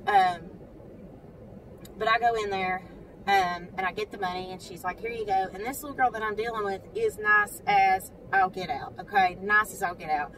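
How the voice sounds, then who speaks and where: Sitting in her parked car outside a credit union, a mother tells a story straight to the camera in a casual vlog, animatedly voicing other people's lines in a high pitch. She speaks at a moderate pace, but the mic is distant, there's slight background noise, and the audio is poor.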